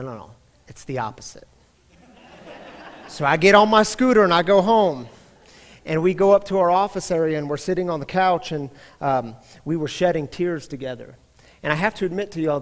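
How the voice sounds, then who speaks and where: A man in his thirties, a pastor, preaching a sermon in a lively, chatty storytelling way and speaking straight to his congregation. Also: on the high side, normal speed. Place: church sanctuary. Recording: long hall reverb in a church.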